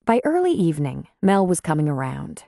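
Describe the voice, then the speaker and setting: A woman narrating a romance audiobook in a measured storytelling voice. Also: deep voice, huge pitch swings, creaky, dark tone, no room sound, studio quality. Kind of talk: scripted narration.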